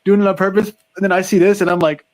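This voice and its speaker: Quick, rambling young man. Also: high voice, little pitch movement. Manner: rambling, filler-heavy, quick. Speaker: streamer. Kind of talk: casual chat.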